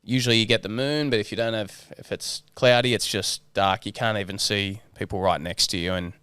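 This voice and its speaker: A lower-voiced Australian man speaks in a smooth, clear tone, recorded close and dry. He chats casually as a podcast guest in his thirties, telling stories loosely with plenty of swearing. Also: a little fast, dry recording. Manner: relaxed storyteller, swears freely, acts out quotes. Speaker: guest sailor.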